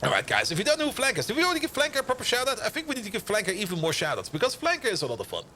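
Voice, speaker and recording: Young male streamer, bright and tense tone, bouncy delivery, jokey and rambling. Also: high voice, wildly swooping pitch, racing, a little hiss or hum. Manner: joking, rambling, laughs often. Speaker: game streamer. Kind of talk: casual live-stream chat.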